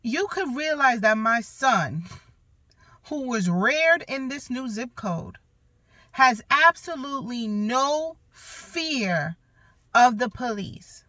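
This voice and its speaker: A woman's voice: a little high, expressive, slow pace, sharp tone, no room sound. Candid, emphatic woman telling a story. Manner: candid, emphatic, blunt with occasional profanity. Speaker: podcast host. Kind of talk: personal storytelling monologue.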